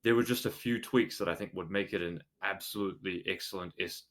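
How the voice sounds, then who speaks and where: Male podcast host, low pitch, easygoing hedging delivery. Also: a little fast. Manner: relaxed, hedging with "you know" and "um". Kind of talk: casual chat.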